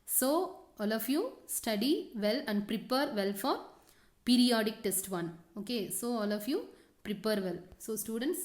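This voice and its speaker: A woman teacher with a fairly high voice leads a science lesson. She repeats her questions and key words, fills the gaps with "okay," and keeps telling students what to underline and draw. The sound is echoey, as if recorded in a roomy space. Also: lively intonation, unhurried. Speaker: school teacher.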